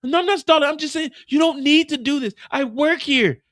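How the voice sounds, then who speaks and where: A man's voice: very high voice, brisk, a bit bright, no echo, studio quality, pitched above the performer's own voice. A man voicing a frightened young pregnant woman who pleads and rambles nervously in a raised voice. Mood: pleading.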